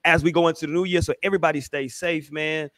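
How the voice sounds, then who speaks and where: A man's voice: on the high side, level tone, quick pace, a bit bright, dry recording. A man from Houston hosting a podcast, talking in a laid-back, heartfelt way with lots of fillers. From Houston, Texas. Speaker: podcast host. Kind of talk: casual podcast chat.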